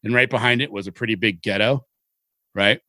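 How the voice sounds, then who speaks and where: Middle-aged man from Seattle, podcast co-host, rambling animated storyteller, dry close sound. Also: on the low side, fairly quick, dry recording. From Seattle, Washington. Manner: rambling, animated anecdotes with casual swearing. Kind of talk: casual storytelling chat.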